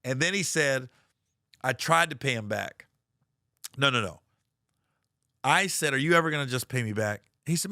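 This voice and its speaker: A middle-aged man telling a comic story about a friend who owes him money, animated and profane, acting out the other people's lines. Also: medium pitch, normal speed, long pauses, dry recording, studio quality. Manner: animated, profane, acts out quoted voices. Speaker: comedian. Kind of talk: storytelling comedy bit.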